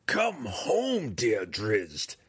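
A man voicing a cunning female drow high priestess who shifts from false sweetness to cold command, raised in pitch. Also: wildly swooping pitch, slow, fairly bright tone, husky, dry recording, exaggerated voice. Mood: coaxing. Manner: falsely sweet, then imperious.

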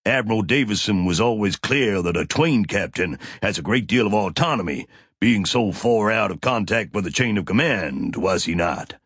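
A man reading an audiobook, voicing a smug, smooth male officer who speaks in a measured, dismissive way. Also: lowish voice, expressive, a bit bright, no echo, studio quality, exaggerated voice. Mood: insistent.

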